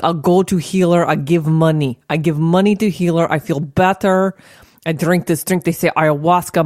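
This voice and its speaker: A woman's voice: fairly low pitch, darkish tone, no room sound, clean studio sound, natural voice. A woman voicing a cynical Russian person in a put-on Russian accent, blunt and swearing, with broken grammar.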